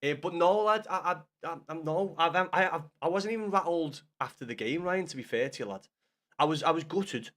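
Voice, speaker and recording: A man's voice: fairly high pitch, brisk, fairly bright tone. A man chatting with his live-stream viewers, full of banter and swearing, repeating himself and calling them lad and mate. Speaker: streamer reading chat.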